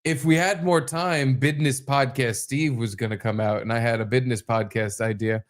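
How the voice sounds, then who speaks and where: A man's voice: medium pitch, steady tone, moderate pace. A man co-hosting a comedy podcast in casual chat, joking crudely and rambling. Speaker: podcast co-host.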